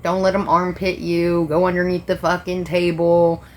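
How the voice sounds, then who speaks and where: Lower-voiced woman ranting, swearing freely. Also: level tone, moderate pace. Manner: profane, exasperated ranting. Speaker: restaurant server. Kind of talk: casual livestream rant.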